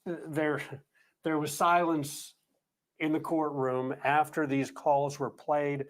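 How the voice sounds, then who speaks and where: A man recounting courtroom testimony in a measured news-report manner, slowing down with pauses and fillers. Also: on the high side, little pitch movement. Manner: slow, deliberate delivery with pauses and fillers. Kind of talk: measured news narration, reading quoted calls.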